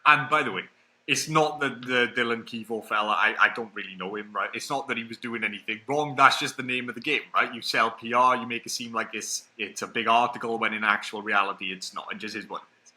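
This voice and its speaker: A man in his early twenties, a podcast guest telling a story in a casual, animated way and acting out what other people said. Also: mid-range voice, fairly quick, rough recording. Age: early 20s.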